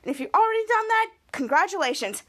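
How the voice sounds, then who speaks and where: A young woman hosting a podcast, eagerly recapping a TV episode and acting out the characters' lines. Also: fast talker. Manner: energetic, acts out quoted lines with rising pitch. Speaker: podcast host.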